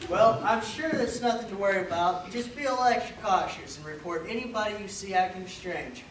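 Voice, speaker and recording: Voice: medium pitch, lively intonation, a little fast, a little hiss or hum, natural voice. Actor playing a mild town cop, mid voice, roomy far-off stage sound. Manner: courteous, mild, plain-spoken. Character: polite small-town police officer. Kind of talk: amateur stage play. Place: stage in a hall. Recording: roomy hall from a distance.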